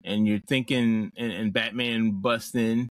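A man's voice: fairly low pitch, fairly even intonation, no echo, studio quality. A man hosting a podcast, steering a casual film discussion with questions and many restarts. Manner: asks questions, steers the talk, halting with restarts. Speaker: podcast host. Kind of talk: casual movie review chat.

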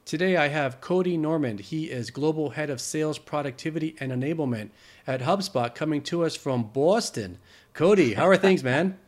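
A man's voice: a little high, moderate pace, a little mellow. A Canadian man hosting a podcast interview, upbeat and joking in a casual way. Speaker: podcast host.

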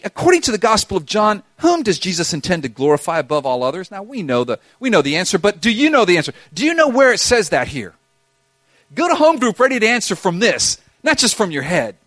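Male pastor preaching, fairly high voice, dry close sound, swings from loud pleading to near-whisper. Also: dry recording. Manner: impassioned, swings between loud urging and hushed intensity. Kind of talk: sermon.

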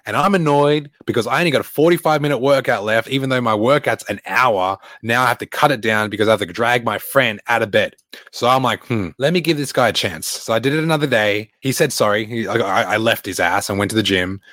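A man, a fitness coach giving a blunt, swearing motivational talk with animated stories. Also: mid-range voice, brisk, no echo. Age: late 20s.

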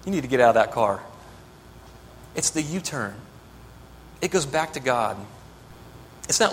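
A man's voice: medium pitch, expressive, a little slow, long pauses, in a large hall, a little hiss or hum. A man preaching a sermon as pastor, earnest and building to emphatic exhortation.

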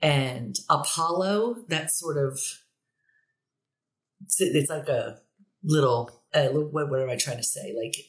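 A woman's voice: low-pitched, takes it slowly, long pauses. A woman in her fifties, a band director who is a podcast guest, telling stories in a chatty way and laughing often. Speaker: guest, university director of bands. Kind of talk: casual interview chat.

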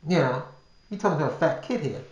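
For a podcast, an older man recounts something from his own life in a casual, rambling way, full of restarts and repetition. His voice is a little high, expressive and fast, and the recording has a roomy echo.

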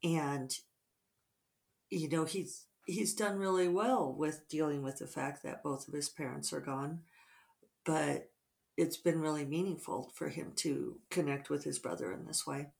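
A middle-aged woman author talking casually over morning coffee, reflective and rambling with soft fillers. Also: low voice, measured pace, gravelly.

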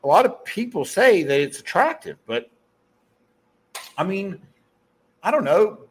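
Podcast host, man, middle-aged, faint Southern US accent, blunt and profane pep-talk delivery, bouncing, lively pitch. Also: unhurried, husky. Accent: Southern US, softened. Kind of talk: casual motivational monologue.

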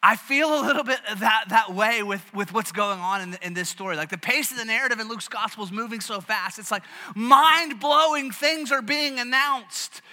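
A man's voice: high-pitched, normal speed, few pauses. A man from the American South preaching a sermon, telling stories with animation and frequent restarts. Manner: animated storytelling with many restarts. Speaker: pastor. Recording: long reverb of a large hall.

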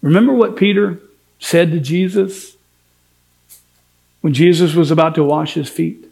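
Slow, earnest pastor preaching. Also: male voice, fairly high pitch, gravelly, darkish tone. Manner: earnest preaching with rising and falling emphasis; acts out quoted speech of biblical figures. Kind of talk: sermon.

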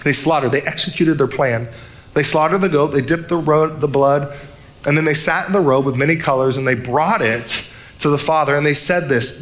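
Young guy preaching, high voice, really animated, acts out the lines. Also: fairly quick. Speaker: pastor. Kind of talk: sermon.

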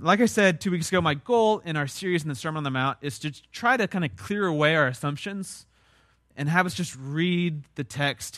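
A young man delivers a sermon in a relaxed, conversational style. He leans on key words with emphasis as he explains, his voice sitting a little high. The sound is close and dry, with no room echo. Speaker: pastor.

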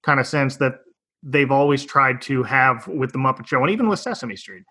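A man's voice: medium pitch, moderate pace, pushed and bright. A man co-hosting a casual podcast chat, mostly giving short agreeing replies with dry, wry humor. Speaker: podcast co-host. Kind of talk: casual chat about a holiday special. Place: lives in the U.S. South.

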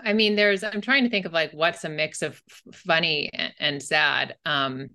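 A middle-aged woman with a slightly low-pitched voice co-hosts a podcast. She tells her own stories in a candid, meandering way, stacking fillers and restarts. The tone stays casual and conversational. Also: moderate pace, bright, forceful tone. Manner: candid, rambling storytelling with many fillers. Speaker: podcast co-host and anxiety coach.

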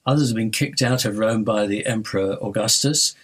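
Husky-voiced male preacher. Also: on the low side, fairly quick, fairly bright tone. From North London. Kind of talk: sermon.

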